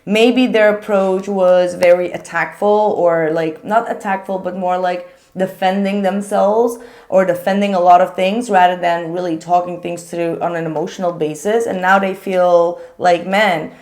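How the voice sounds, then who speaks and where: A young woman giving a casual tarot reading to viewers, chatty and animated, with frequent filler words. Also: fairly low pitch, normal speed. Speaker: tarot reader.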